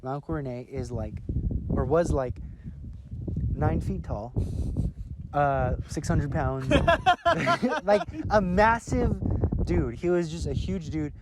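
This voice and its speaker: A young man casually telling a long, profane story as a podcast co-host, acting out what people said in loud bursts. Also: on the high side, big pitch swings, takes it slowly, pauses often. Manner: profane, rambling, acts out quotes loudly. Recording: loud noise behind.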